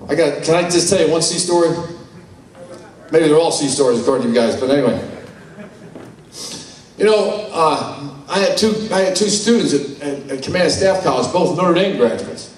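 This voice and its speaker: A man's voice: fairly high pitch, normal speed, long pauses, recorded from a distance, slight background noise. An older man giving a blunt, salty, folksy talk at a conference, telling personal stories. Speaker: conference speaker. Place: large conference hall. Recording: roomy hall, voice from afar.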